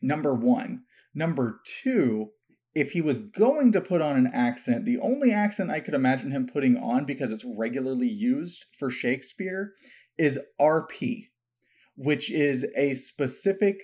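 A man speaking at an ordinary mid pitch, co-hosting a casual podcast chat. He lays out his points step by step and adds a dry, sarcastic edge. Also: sing-song, a little slow, a little mellow, husky. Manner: explanatory, dryly sarcastic. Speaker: podcast co-host.

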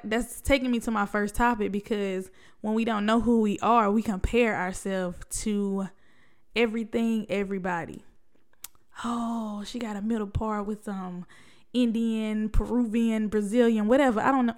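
Smooth-voiced woman podcasting solo. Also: fairly high pitch. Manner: conversational and reflective, with many fillers and rhetorical questions. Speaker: podcast host.

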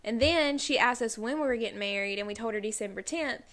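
A woman's voice: a little high, fast, a bit bright. A young woman, co-hosting a casual podcast and telling rambling stories full of "like". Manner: rambling storyteller, heavy use of "like". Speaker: podcast co-host.

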